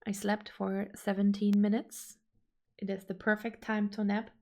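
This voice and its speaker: A woman's voice: mid-range voice, level tone, measured pace, creaky, dark tone. A young woman streaming her drawing, chatting casually and gushing as she reads chat aloud. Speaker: art streamer.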